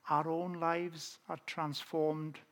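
Slow earnest man preaching. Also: on the high side, little pitch movement, a bit bright. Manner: earnest, repetitive preaching cadence. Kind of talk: sermon.

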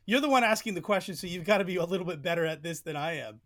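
A man's voice: high voice, very fast, fairly bright tone. A man from Pennsylvania, a Bible teacher, guesting on a podcast and talking in a chatty, hesitant way with many fillers. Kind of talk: casual interview chat.

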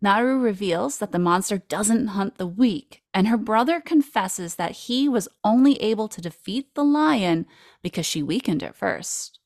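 A woman's voice: mid-range voice, expressive, a little slow, darkish tone, no room sound, clean studio sound. A woman hosting a podcast, recapping a film in a playful, jokey way with frequent laughs. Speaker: podcast host.

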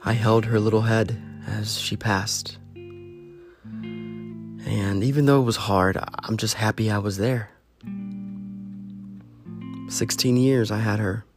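A man's voice: lowish voice, fairly even intonation, slow pace, long pauses. A man giving a heartfelt, rambling personal monologue, earnestly urging listeners to reach out to friends. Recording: faint guitar music behind.

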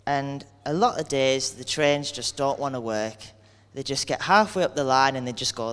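A man's voice: medium pitch, normal speed, fairly bright tone, clear, resonant tone. A man giving an earnest, conversational sermon, speaking candidly and acting out everyday complaints. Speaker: preacher. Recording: long hall reverb.

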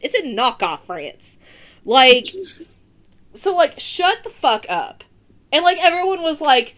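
A woman's voice: a little high, unhurried. A woman hosting a podcast, ranting casually and swearing freely as she gives her opinions. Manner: profane, animated ranting. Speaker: podcast host.

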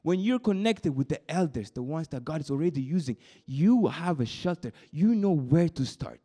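A young man preaches to a youth group at a moderate pace with a breathy edge, dropping into a soft, confiding tone before climbing into high, excited bursts. He often repeats words and restarts sentences.

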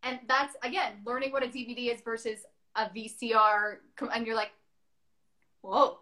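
A woman's voice: a little high, flat delivery, brisk, bright, forceful tone. A woman hosting a casual chat, chatty and enthusiastic, laughing often.

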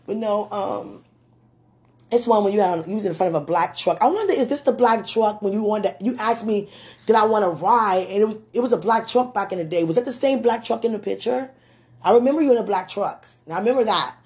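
A woman rambling through a personal message to a man, gushing and giggling often, with a slight lingering throat-clearing. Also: on the low side, fairly quick, a little mellow. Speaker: admirer speaking to a man on video.

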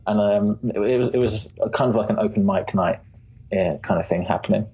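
Husky low-voiced man, laughing guest. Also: brisk, warm tone. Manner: laughs often, easygoing. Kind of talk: casual interview chat. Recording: dull lo-fi recording.

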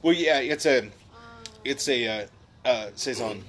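Easygoing male co-host, mid-pitched, conversational. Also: a little slow. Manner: easygoing, explains beer with stammering restarts. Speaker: podcast co-host. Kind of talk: casual chat over beers.

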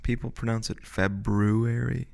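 A man's voice: medium pitch, steady tone, unhurried, gravelly. A man from Chicago, a podcast co-host, musing in casual chat with wordy asides.

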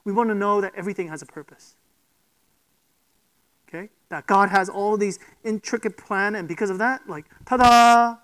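Preacher doing a sermon, mid pitch, keeps asking questions and going "okay?" to the room. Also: steady tone, normal speed, pauses often, fairly bright tone, rough recording. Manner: emphatic, with rhetorical questions and frequent "okay?" check-ins.

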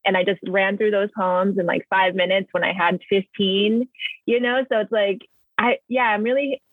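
A woman's voice: mid-range voice, steady tone, moderate pace, no room sound. A woman poet chatting casually, rambling with lots of "like" and "um". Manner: rambling, many fillers like "like" and "um". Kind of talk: casual conversation. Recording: tinny phone line, dry.

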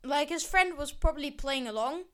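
A woman's voice: high-pitched, animated, normal speed. A teenage girl hosting her own podcast, rambling and sarcastic, swearing and backtracking as she rants. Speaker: podcast host. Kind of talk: casual solo podcast rant.

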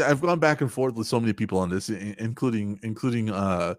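A man hosting a casual podcast, telling stories in an animated, profane way and acting out quotes. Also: on the low side, a little fast, no echo, clean studio sound. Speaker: podcast host.

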